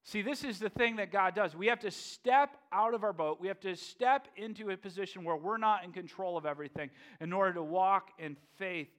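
A man preaching a sermon, lively and humorous, acting out scenes. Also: high-pitched, a little fast, few pauses. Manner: animated, acts out biblical figures with playful humor. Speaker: pastor.

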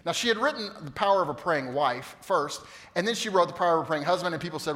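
A pastor in his fifties delivers a sermon, moving from loud, emphatic bursts to quiet, hushed moments. His voice sits a little high for a man. The long reverb of a large hall trails after his words. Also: fast, few pauses. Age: 50s. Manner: animated storytelling, swings from loud to hushed.

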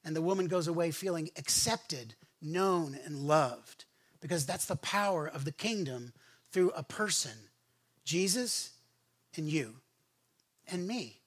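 Male pastor, slightly high voice, chatty storytelling sermon, stumbles and restarts often. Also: expressive, a little slow. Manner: storytelling, conversational with many restarts. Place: church sanctuary.

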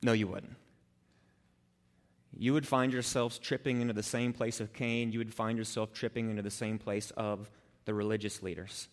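A man preaching a sermon as a pastor, animated and acting out the people he quotes. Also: lowish voice, a little fast. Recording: long hall reverb.

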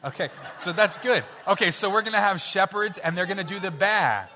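A man leading an interactive children's Bible story in church, playful and coaxing as he cues the kids to shout sound effects. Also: sits high, fairly quick. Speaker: children's pastor. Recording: hall reverb with faint music.

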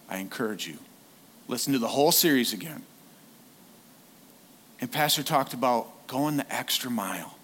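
Preaching in an easygoing, conversational way, this lay preacher, once a youth leader, keeps asking the congregation questions. His pitch is fairly high and his tone fairly bright.

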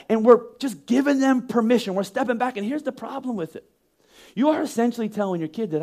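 A man with an unusually high voice delivers a sermon with emphatic, rhetorical force. He is in his thirties and keeps slipping into the voices of the people he quotes. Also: fast talker, darkish tone. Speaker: pastor.

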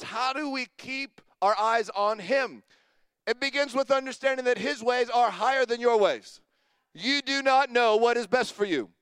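A man preaching a sermon as a pastor, energetic and calling out to the congregation. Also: very high-pitched, smooth, dry recording.

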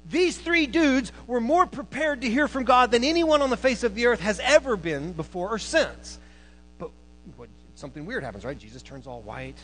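A man preaching a sermon to a church, animated, moving between loud emphasis and quiet asides, who also teaches college students. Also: very high-pitched, normal speed, rough recording.

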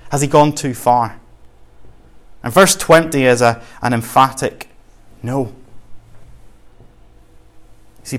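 A Scottish man preaching in a relaxed, chatty manner. His voice sits at a middling pitch, and he leans earnestly into his points with everyday examples. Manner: conversational and earnest, with homely examples. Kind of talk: sermon.

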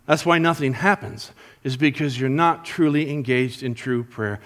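A man's voice: medium pitch, normal speed. A male pastor preaching a sermon at a church service, telling a long illustration with acted-out quotes. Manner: animated storytelling with acted-out quotes.

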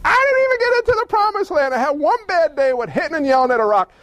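A man's voice: very high voice, lively intonation, fast talker, a bit bright, no echo, voice pushed up. A man voicing Moses as a weary, self-pitying complainer, telling his story as comic grumbling.

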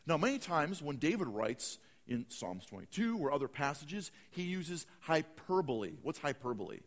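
A man preaching a sermon, swinging from hushed, slow lines to loud, dramatic bursts. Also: mid-range voice, big pitch swings, long reverb tail. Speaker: pastor.

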